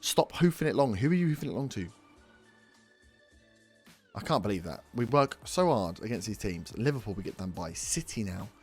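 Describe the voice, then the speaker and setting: A man's voice: on the low side, big pitch swings, moderate pace, long pauses, slightly rough. Annoyed young guy ranting over his football sim, swears a lot, faint music behind. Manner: exasperated, swears and scolds players. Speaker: let's play host. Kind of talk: gaming commentary.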